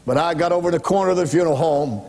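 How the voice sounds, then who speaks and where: An older evangelist tells his own testimony in a folksy, storytelling way. His voice sits a little high for a man. It rings out with a long reverb, as if recorded in a large church hall. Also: racing, vocal fry, darkish tone. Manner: folksy storytelling, rising to impassioned cries. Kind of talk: testimony sermon.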